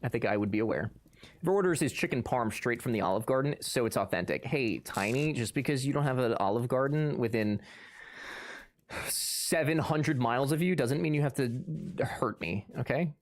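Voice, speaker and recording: Lively joking male streamer. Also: mid-range voice, moderate pace. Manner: joking, sarcastic banter reading chat aloud. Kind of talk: casual live-stream chat.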